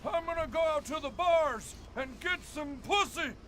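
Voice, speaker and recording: An actor voicing a rowdy, crude old grandpa in a cartoon, loud and mocking. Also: high voice, moderate pace, a little hiss or hum. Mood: crowing. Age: older. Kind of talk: animated cartoon voice acting. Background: music.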